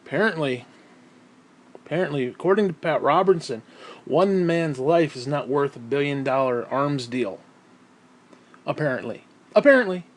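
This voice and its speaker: Ranting angrily for his vlog, a man swears, grumbles irritably, and lets out heavy sighs between bursts. His voice is slightly high and his pace moderate.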